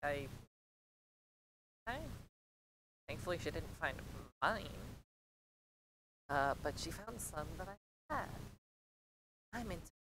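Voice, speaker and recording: A woman's voice: expressive, takes it slowly, long pauses. A young woman telling a rambling, profane story in a casual vlog and acting out the quoted lines. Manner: rambling, heavy swearing, acts out quotes. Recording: clear low rumbling noise behind.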